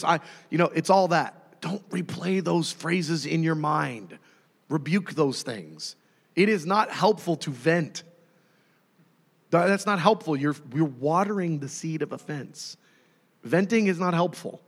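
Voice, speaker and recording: A man preaching a sermon, animated and dramatic, often acting out voices and shouting. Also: fairly high pitch, unhurried, in a large hall.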